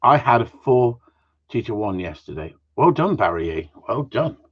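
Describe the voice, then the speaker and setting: On a muffled, lo-fi stream, a man hosts a casual live Q and A in a husky, medium-pitched voice that swings widely in pitch at a moderate pace. His chat is rambling and jokey, full of free swearing and tag questions.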